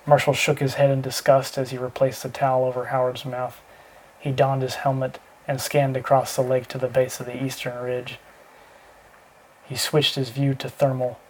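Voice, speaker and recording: A man reading an action novel aloud as a steady audiobook narrator. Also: mid-range voice, slight background noise, rough recording.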